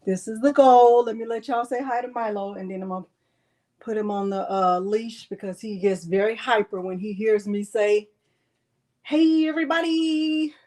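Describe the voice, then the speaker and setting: A woman's voice: medium pitch, fairly even intonation, moderate pace, dark tone. A woman hosting a casual live crafting tutorial from her home craft room, chatting and greeting her viewers by name.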